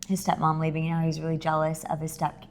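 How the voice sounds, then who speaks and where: Animated young woman recapping reality TV. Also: deep voice, fast, slight background noise. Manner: animated, swears, acts out quotes. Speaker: podcast co-host. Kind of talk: casual recap chat.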